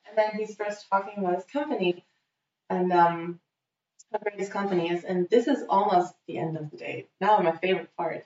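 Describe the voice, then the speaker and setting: A woman's voice: mid-range voice, fairly quick, recorded from a distance, slight background noise. Woman, casual storyteller, off-mic in a roomy space, muffled sound. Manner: lively storyteller acting out quotes. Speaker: guest telling a story. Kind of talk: casual chat.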